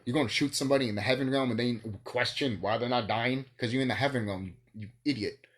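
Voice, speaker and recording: A man's voice: mid-range voice, fast talker, a bit bright. A man vlogging in a rambling solo monologue, ranting and swearing, with bursts of laughter.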